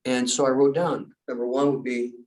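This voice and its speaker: A man giving a storytelling talk as a guest speaker, animated and acting out the voices of people he quotes. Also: medium pitch, normal speed, far from the mic, rough recording.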